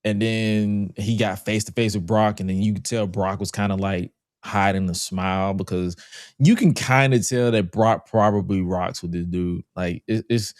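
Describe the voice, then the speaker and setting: A man with a lowish voice co-hosting a casual podcast. He talks loosely in slang and fills his sentences with "like". The sound is dry and close. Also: steady tone, moderate pace, clean tone, no room sound. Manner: casual, slangy, lots of filler likes. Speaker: podcast co-host.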